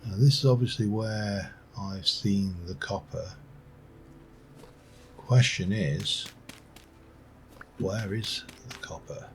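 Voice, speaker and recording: Middle-aged guy with a low voice narrating his game, musing and wandering off on dry tangents. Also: takes it slowly, long pauses, background noise. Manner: rambling, musing aloud, dry asides. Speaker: gameplay commentator. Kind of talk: let's play commentary.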